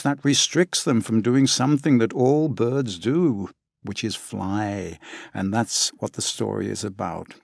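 A man's voice: medium pitch, a little mellow, no echo, studio quality. An English man, an audiobook narrator, answering interview questions in an enthusiastic, chatty way with frequent fillers.

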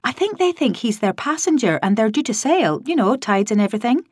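A woman's voice: a little high, sing-song, a little fast, a little mellow, no echo, pitched above the performer's own voice. A woman reading an audiobook, voicing a cheerful, scatterbrained young woman who talks in a breezy, rambling way.

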